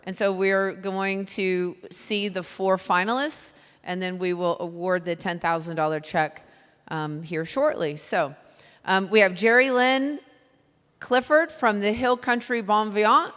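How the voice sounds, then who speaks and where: A woman's voice: medium pitch, fairly even intonation, unhurried, a bit bright, smooth. A woman with a Texan accent emceeing a live event, chatty and loose, poking fun at herself. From Texas. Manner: chatty, self-deprecating, loose. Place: event hall. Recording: long hall reverb.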